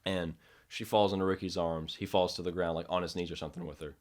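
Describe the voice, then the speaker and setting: A man with a very low voice chatting casually on a podcast. He rambles and restarts, and now and then drops into a hushed voice to act out a scene. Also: level tone, fast talker. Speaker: podcast co-host. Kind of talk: casual chat about horror films.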